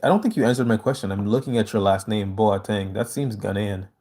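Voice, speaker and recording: Earnest low-voiced man hosting a livestream. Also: a little fast, warm tone. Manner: earnest, emphatic, reads chat aloud and answers. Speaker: livestream host reading viewer comments. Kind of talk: casual livestream chat.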